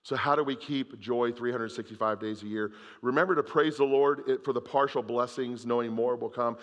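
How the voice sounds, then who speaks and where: A man preaching a sermon, reading scripture aloud and swinging between loud emphasis and hushed moments. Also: mid-range voice, fairly even intonation, moderate pace, long reverb tail. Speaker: pastor.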